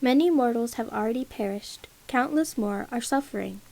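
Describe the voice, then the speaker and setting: A woman voicing a grave male archer general who speaks steadily and forcefully. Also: on the high side, normal speed, vocal fry. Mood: defiant.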